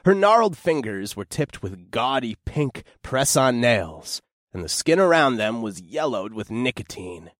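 A young man narrating a first-person horror story in an expressive, tense storytelling manner. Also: medium pitch, unhurried, no room sound, clean studio sound.

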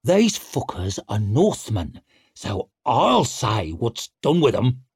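A man's voice: mid-range voice, wildly swooping pitch, takes it slowly, husky, no echo, studio quality, heavily acted. A man doing a sneering savage young king. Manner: sneering and mocking. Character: wild young male barbarian king, menacing.

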